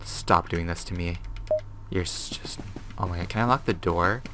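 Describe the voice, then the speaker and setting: A man's voice: low-pitched, moderate pace, noisy background. A young man hosting a gaming video. He reads a horror game's text aloud and reacts with nervous swearing. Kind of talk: horror game commentary and reading game text aloud.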